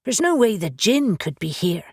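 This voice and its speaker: A woman's voice: medium pitch, sing-song, moderate pace, a little mellow, breathy edge, no echo, studio quality, voice pushed up. A woman narrator voicing a practical, sceptical man who reasons things out wryly. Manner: reasoning, wry.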